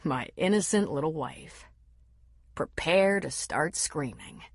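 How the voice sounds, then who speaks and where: Teasing young husband, read by a woman; husky, expressive delivery. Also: slow pace, dry recording, clean studio sound, full character voice. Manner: playful, low teasing.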